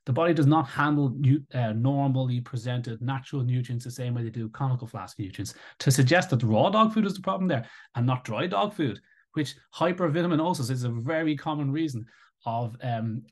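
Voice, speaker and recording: Animated, sarcastic man ranting. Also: mid-range voice, slightly rough. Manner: animated, sarcastic, indignant rebuttals. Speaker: raw-feeding advocate commentator. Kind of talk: live reaction commentary reading an article.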